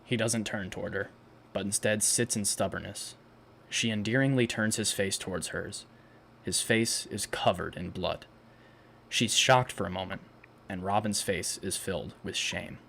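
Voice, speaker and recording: A man's voice: lowish voice, fairly even intonation, normal speed, vocal fry, a bit bright, a little hiss or hum. A man narrating stage directions in a live read of a fan audio drama, plain and matter-of-fact.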